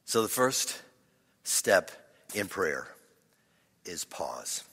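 An older man preaching a sermon, slow and meditative, leading breathing and dropping into breathy whispers, with sighs and soft chuckles. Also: low-pitched, very animated. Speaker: pastor. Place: church. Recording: large hall with long reverb.

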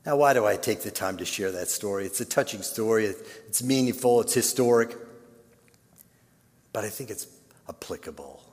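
A male pastor telling a story in a sermon, dropping to a hush and then building to loud, dramatic peaks. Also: lowish voice, expressive, moderate pace. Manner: dramatic, swinging from hushed to loud. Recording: long reverb of a large hall.

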